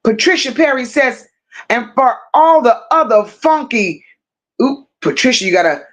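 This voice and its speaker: Hosting a live stream, a woman with a fairly high, expressive voice reads viewer comments aloud and answers them. She talks slowly, repeats phrases to emphasize them, and addresses viewers as if they were close friends.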